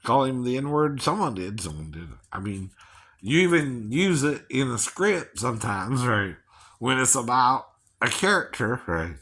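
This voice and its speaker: A man's voice: medium pitch, expressive, a little slow, sharp tone, slightly rough. A man from Georgia talking in a rambling casual monologue, chuckling often and tagging "right, right" onto his points.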